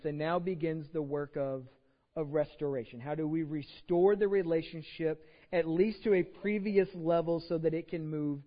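A high-pitched man from Texas preaches a conversational sermon, asking rhetorical questions and repeating words as he goes. His voice rings with the long reverb of a church sanctuary. The audio sounds dull and muffled. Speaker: pastor.

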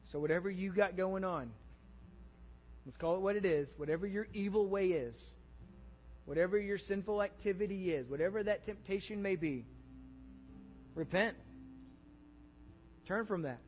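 A man's voice: on the high side, big-room sound, highs cut off, slight background noise. A man with a Texan accent preaching a sermon as pastor, earnest and conversational, rising in intensity.

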